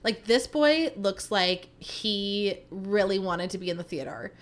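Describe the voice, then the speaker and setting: With an unhurried, mid-range voice, this podcast host in her thirties keeps the conversation casual, launching into lively stories peppered with plenty of "like."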